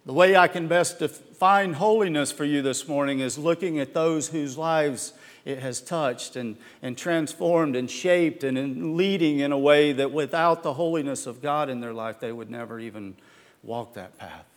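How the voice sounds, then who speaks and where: A man's voice: a little high, normal speed, in a large hall. A man preaching a sermon as pastor, earnest and emphatic, often restarting his words.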